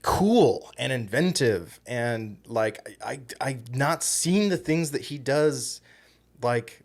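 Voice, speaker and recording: A man's voice: mid-range voice, expressive, slow. A man co-hosting a podcast, chatting casually about films, rambling with frequent ums and restarts. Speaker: podcast co-host. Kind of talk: casual film-discussion chat.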